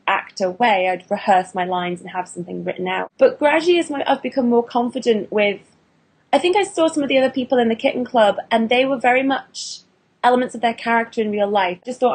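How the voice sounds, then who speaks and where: A British woman, a burlesque performer and actor, chatting in an interview with many restarts and fillers. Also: a little high. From England. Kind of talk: casual interview chat.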